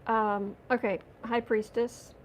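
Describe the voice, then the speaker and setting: A woman's voice: on the high side, little pitch movement, slow pace, slight background noise. A woman hosting a livestream as a tarot reader, chatting casually and sarcastically while reading out viewer comments.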